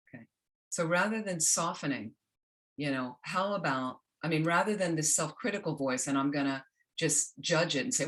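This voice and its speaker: A woman teaching a self-compassion workshop, gentle and instructional, often checking in with the group. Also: deep voice, moderate pace. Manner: gentle, keeps checking in with "okay?".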